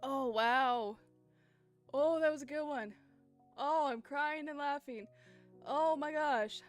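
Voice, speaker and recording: Woman streamer, high voice, giggly, excitable, casual game commentary. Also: slow pace, faint music behind. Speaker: gaming streamer.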